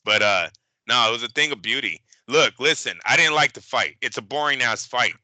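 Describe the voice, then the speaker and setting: Dude ranting about boxing, bright sharp voice, cursing a lot, dry close mic. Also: male voice, medium pitch, fairly quick, no echo. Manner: animated, profane, acts out fight-night scenes. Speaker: boxing show co-host. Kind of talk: casual profane boxing chat.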